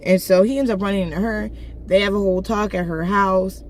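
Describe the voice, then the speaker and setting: A woman casually retelling a novel's plot, slangy and blunt, jumping into characters' lines with quick voice changes. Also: medium pitch, a little hiss or hum. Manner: animated, acts out characters' lines in quick voice shifts; slangy, blunt asides and swearing. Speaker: book reviewer.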